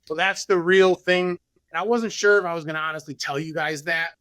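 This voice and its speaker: A man's voice: fairly high pitch, steady tone, brisk, fairly bright tone, dry recording. A man, a podcast guest, telling his story candidly and acting out other people's lines. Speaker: podcast guest, business owner.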